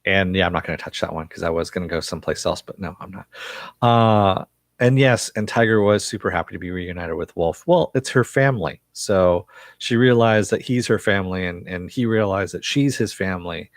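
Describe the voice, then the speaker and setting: A man's voice: deep voice, a little fast, dry recording, clean studio sound. A man casually recapping a TV episode for viewers, rambling with frequent fillers and chuckles. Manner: reads viewer chat aloud. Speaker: TV episode reviewer.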